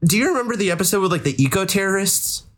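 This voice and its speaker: A woman's voice: mid-range voice, lively intonation, racing. A woman in casual chat, ranting with many fillers and swearing. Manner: rambling, filler-heavy, profane ranting.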